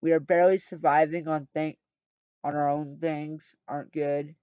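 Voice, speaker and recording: A man reading out an angry young man protecting his brother, loud and flat, on a dry, slightly dull recording. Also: on the high side, normal speed, clear, resonant tone, dry recording, lightly acted. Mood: yelling.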